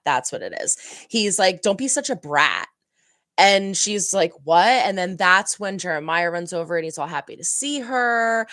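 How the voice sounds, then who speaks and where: A woman with a low voice recaps an episode in a loose, casual way, often stopping to fix her own details. The sound is dry and close, with no room echo. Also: fairly bright tone. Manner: chatty, rambling, self-correcting. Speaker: reaction channel host.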